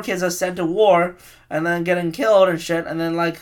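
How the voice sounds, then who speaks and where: Brief: twenties guy hosting a podcast, slightly high voice, profane and rambling rant. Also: steady tone, moderate pace. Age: 20s. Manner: rambling, profane, self-mocking. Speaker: podcast host.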